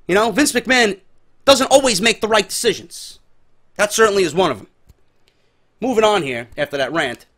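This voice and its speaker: New york guy ranting hard, swears a lot, pitch all over the place. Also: bright, forceful tone. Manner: profane, heated, emphatic ranting. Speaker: wrestling commentary vlogger. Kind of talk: ranting solo commentary.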